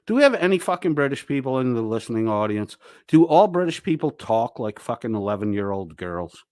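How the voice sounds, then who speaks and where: A male livestream host taunts and mocks in crude, profane commentary at a mid-range pitch. The sound is dry and close, with no room echo at all. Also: very animated, brisk, a little mellow. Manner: taunting, crude, laughing between jabs.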